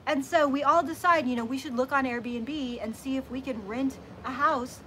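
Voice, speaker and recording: A woman hosting a casual chat, telling a story in an animated way and acting out what people said. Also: high-pitched, moderate pace, poor audio. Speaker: host. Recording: background noise from a nearby worker.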